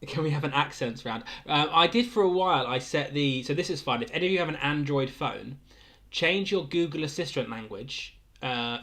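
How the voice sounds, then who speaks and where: A man's voice: on the high side, a bit bright. A young man casually hosting a weekly livestream quiz, rambling between questions and chuckling often. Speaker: quiz host.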